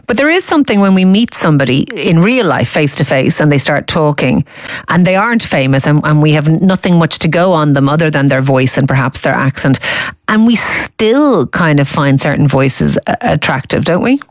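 Low-voiced woman host, dry sound. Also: animated, moderate pace, no echo. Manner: reflective, builds questions with restarts. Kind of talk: interview questions.

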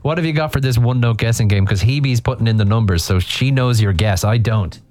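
A man's voice: medium pitch, brisk. A man hosting a radio phone-in, joking and teasing his callers in casual banter. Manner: jokey, animated, teasing callers. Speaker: radio host.

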